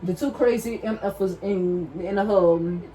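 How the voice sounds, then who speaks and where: A young woman vlogger telling a story in a loud, animated way while doing her hair, speaking straight to her viewers. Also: lowish voice, moderate pace. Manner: animated, talks straight to viewers, calls them "y'all"; loud, says she has a loud mouth.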